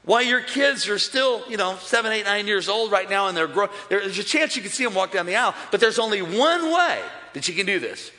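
Man, pastor, high-pitched, bright voice, energetic sermon, shouting to the crowd, long hall reverb. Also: a little fast, few pauses. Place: large church with overflow campuses.

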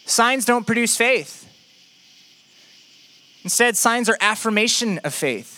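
Young male preacher, high and bright voice, lively delivery, acts out inner voices and talks straight to the crowd. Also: takes it slowly. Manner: animated, acts out imagined prayers and quotes; addresses the congregation directly with joking asides. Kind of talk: sermon.

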